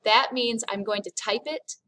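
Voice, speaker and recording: A woman French teacher recording a remote lesson, upbeat and clear, stressing each French phrase carefully for students to repeat. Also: a little high, steady tone, normal speed, fairly bright tone. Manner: upbeat, over-enunciated French demonstrations.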